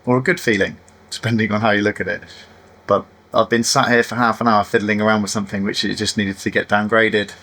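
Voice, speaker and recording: An FPV drone hobbyist talks his way through a build at the workbench in a lowish, fairly bright voice that moves quickly with little change in pitch. Setbacks leave him exasperated and self-mocking. He keeps chatting, sighing and laughing as things go wrong.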